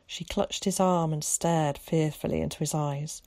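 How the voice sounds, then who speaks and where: A woman narrating a children's story in a calm, measured way. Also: low-pitched. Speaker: audiobook narrator. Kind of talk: scripted narration.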